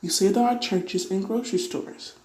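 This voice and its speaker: A woman's voice: medium pitch, moderate pace, darkish tone, roomy sound, close to an everyday voice, poor audio. A woman voicing a tiny, grateful male mayor in a piping, polite voice.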